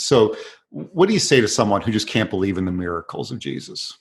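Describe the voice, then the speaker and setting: A man with a very low voice hosts a casual podcast. He puts his questions to the guest plainly and keeps them short. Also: very animated, a little fast, vocal fry. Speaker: podcast host.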